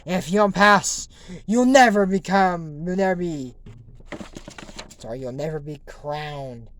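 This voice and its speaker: A man's voice: fairly high pitch, a little slow, a bit bright, a little hiss or hum. A man voicing a grave seer who delivers a solemn, urgent prophecy. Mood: ominous.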